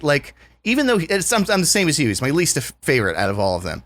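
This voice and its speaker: A man's voice: quick pace, no room sound. A man co-hosts a casual podcast, recorded dry and close, with no room sound. He talks animatedly and leans on filler words. His voice jumps upward when he makes a point. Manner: animated, lots of filler likes, swings up in pitch when making a point. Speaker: podcast co-host. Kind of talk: casual chat.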